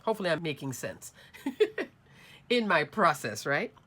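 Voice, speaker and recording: A woman's voice: low-pitched, sing-song, measured pace, sharp tone, breathy edge. A woman hosting a card-making channel, walking viewers through her projects in a chatty, upbeat way. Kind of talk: casual crafting show-and-tell.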